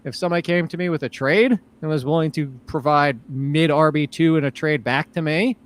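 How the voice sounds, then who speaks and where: Man, slightly high voice, tired, blunt, laughs a lot, casual podcast chat. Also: steady tone, fairly quick. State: tired, yawning. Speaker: fantasy football analyst.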